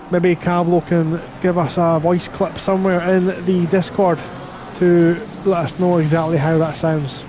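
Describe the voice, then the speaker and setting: A man's voice: high voice, flat delivery, a little slow, mellow, a little hiss or hum. A man doing live sim racing commentary, chatty and reading viewer chat between calls of the action. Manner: chatty, reads stream chat aloud between race calls.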